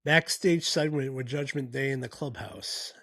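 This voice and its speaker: A man's voice: mid-range voice, normal speed, creaky, a bit bright, no room sound. A man hosting a podcast, recapping events in a casual, rambling way with plenty of fillers and restarts. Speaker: podcast host.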